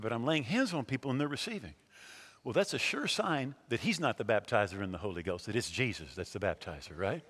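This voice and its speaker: A man preaching a sermon as pastor, telling a story with loud bursts and then leading a prayer in a hushed voice. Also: mid-range voice, breathy edge, long reverb tail.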